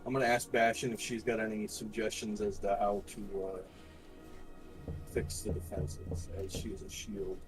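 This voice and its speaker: A man's voice: lowish voice, level tone, measured pace, recorded from a distance, over music, rough recording. A man playing in a tabletop game, talking in a subdued way. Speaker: player. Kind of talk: casual tabletop play. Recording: voice off from the mic.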